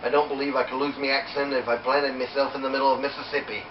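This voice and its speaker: A man's voice: mid-range voice, little pitch movement, fast, reverberant, far from the mic, lo-fi sound, background noise, close to an everyday voice. A man putting on a chatty Irish drifter. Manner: chatty, folksy, drops "me" for "my". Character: friendly male Irish drifter hitchhiker.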